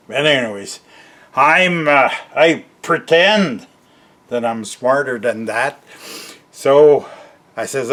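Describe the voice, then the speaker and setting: Older Canadian guy, unhurried folksy vlogger, chuckles through his rambling asides. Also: mid-range voice, lively intonation, a bit bright. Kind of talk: casual rambling monologue.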